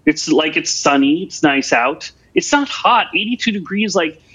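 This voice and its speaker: A man's voice: on the high side, expressive, normal speed, a bit bright, slightly rough. A man co-hosting a comedy podcast, arguing his side insistently and going over his points again. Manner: argumentative, insistent, repeats points. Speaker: podcast co-host. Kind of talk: casual comedic debate.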